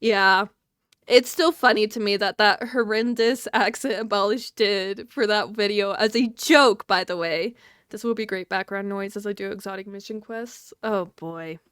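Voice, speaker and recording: A woman's voice: medium pitch, normal speed, fairly bright tone, clear, resonant tone, dry recording, studio quality. A woman streaming live, chatting casually and scatteredly with her chat and laughing often.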